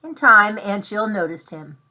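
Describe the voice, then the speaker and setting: A woman reading a children's chapter book aloud in clear storytelling style. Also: mid-range voice, animated, measured pace, bright, forceful tone. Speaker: narrator.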